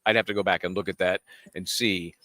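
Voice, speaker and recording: A talkative man co-hosting a live trial show, chatting loosely and drifting onto tangents. His voice is on the low side with a bright, forceful edge. The sound is close and dry, with no room around it. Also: steady tone, fairly quick, no echo. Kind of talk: casual chat.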